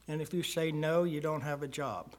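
A man's voice: a little high, normal speed, lightly acted. A man voicing a blunt, matter-of-fact boss.

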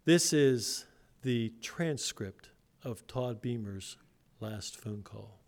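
A man's voice: mid-range voice, expressive, very slow. A man pastor delivering a sermon in an earnest, emphatic way.

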